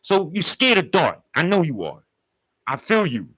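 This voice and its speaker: Lively bright-voiced man preaching casually. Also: on the high side, moderate pace, poor audio. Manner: street slang, conversational, addresses listeners directly. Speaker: spiritual teacher. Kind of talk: casual spiritual talk.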